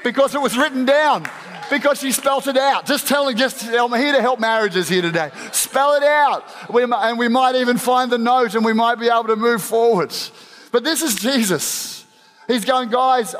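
A man's voice: extremely high pitch, moderate pace, fairly bright tone. A pastor giving a sermon, earnest and emphatic, often restarting his sentences and dropping in playful asides. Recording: long hall reverb.

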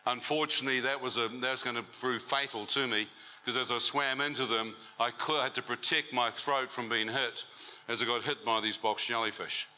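New man, mid-pitched and very bright, animated testimony storyteller at a church talk. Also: normal speed, a little hiss or hum, poor audio. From New Zealand. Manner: animated storytelling with crowd banter. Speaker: speaker giving a testimony.

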